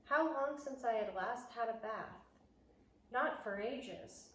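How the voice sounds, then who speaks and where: A woman reading a children's novel aloud in an expressive, dramatic way. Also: a little high, slow pace, far from the mic. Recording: echoey room, voice off-mic, faint hiss.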